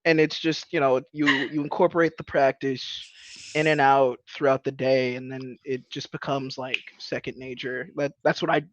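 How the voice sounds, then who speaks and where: A man's voice: medium pitch, fairly even intonation, moderate pace, a little hiss or hum. A man on a podcast panel, talking in a laid-back, slangy way. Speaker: podcast panelist and tabletop player. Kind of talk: casual podcast chat. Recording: dull lo-fi dry sound.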